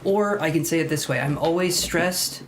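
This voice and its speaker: A man's voice: a little high, normal speed, a little hiss or hum. Chatty man doing live tarot readings. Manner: rambling, self-mocking, thinks aloud. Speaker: tarot reader.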